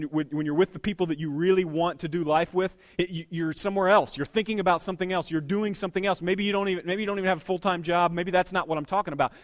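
The pastor's voice sits fairly high as he preaches, alternating soft, close moments with loud bursts of excitement.

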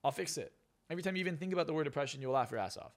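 Fast-talking blunt man on a podcast. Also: a little high, lively intonation. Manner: blunt, profane, emphatic storytelling. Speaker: hypnotist and success coach, podcast guest. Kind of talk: casual podcast interview.

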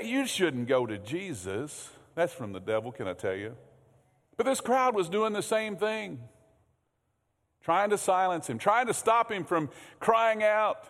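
A high-voiced male pastor preaches an unhurried sermon in a church sanctuary, his pitch swinging widely and his tone fairly bright. He speaks conversationally, repeats words, and asks the congregation questions, all under long hall reverb.

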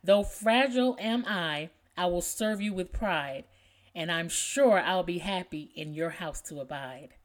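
A woman's voice: on the low side, measured pace, natural voice. A woman voicing a fragile crystal goblet. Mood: proud. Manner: proud, delicate.

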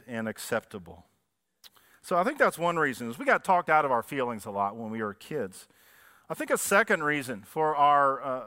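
A man's voice: a little high, bright, forceful tone, smooth. A man preaching a sermon as pastor, talking conversationally and asking the congregation questions. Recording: long reverb of a church hall.

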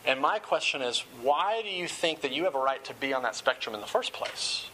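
A man's voice: medium pitch, lively intonation, brisk, pushed and bright, a little hiss or hum, rough recording. A man giving a sermon-style talk, often repeating words as he starts phrases.

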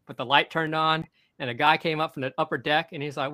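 A young man hosts a casual podcast, his voice bright and forceful and sitting a little high. He tells his story in an excited, rambling way, often restarting his sentences. The sound is dry and close. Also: quick pace, no room sound, rough recording. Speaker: podcast host.

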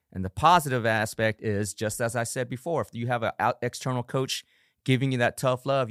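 A man's voice: medium pitch, a bit bright, no room sound, studio quality. A middle-aged man hosting a solo motivational podcast, talking earnestly with emphatic bursts. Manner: earnest, emphatic, acts out harsh self-talk in bursts. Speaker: podcast host; coach and parent.

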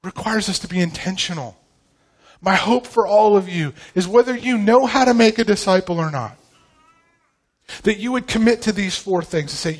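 A man's voice: high-pitched, normal speed. A man in his forties preaching a sermon with emphasis, asking the congregation rhetorical questions. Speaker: pastor.

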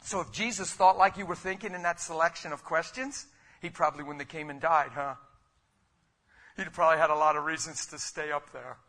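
Fervent preacher man, bright voice. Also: fairly high pitch, steady tone, fairly quick. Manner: fervent, swinging from quiet to loud emphatic bursts. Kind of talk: sermon.

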